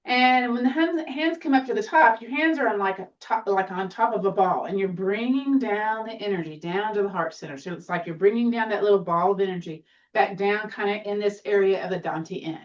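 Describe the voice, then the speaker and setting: Gentle and encouraging, with the occasional playful touch, a woman talks a seated tai chi group through their movements at a slightly quick pace. Her mid-range voice is picked up from some distance away, giving a dull, muffled sound.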